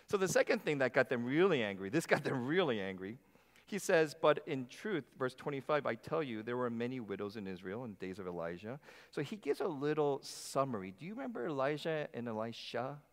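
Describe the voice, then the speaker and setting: Man preaching in a reverberant church. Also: medium pitch. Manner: animated preaching with acted asides to the congregation. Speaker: pastor. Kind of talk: sermon. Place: church sanctuary. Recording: long hall reverb.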